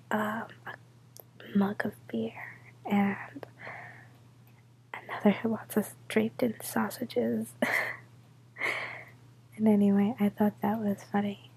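Tired, congested woman for a whispered ASMR vlog; soft and rambling, flat delivery, faint background hum. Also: mid-range voice, gravelly, rough recording. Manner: soft whisper, rambling with ums and little laughs. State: stuffed up, tired.

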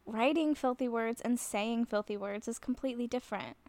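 A woman's voice: on the high side, a little fast, darkish tone, no echo. A woman in a scripted audio role-play, flustered and self-conscious, often laughing nervously as she talks to the listener. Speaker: nervous woman talking to a friend on the phone.

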